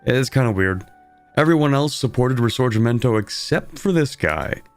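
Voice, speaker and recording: A man's voice: mid-range voice, expressive, moderate pace, faint music behind. A young man streaming a strategy game, talking casually in a sleepy, rambling way while he explains his moves. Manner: sleepy, rambling, self-deprecating.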